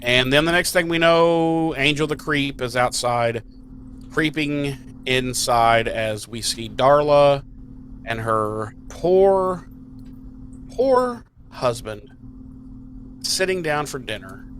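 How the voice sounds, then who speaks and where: A man's voice: mid-range voice, lively intonation, slow, fairly bright tone, a little hiss or hum. A man co-hosting a podcast, chatting casually and heatedly, swearing a lot and acting out the characters' lines. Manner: profane, heated, acts out characters. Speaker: podcast co-host. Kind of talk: casual recap chat.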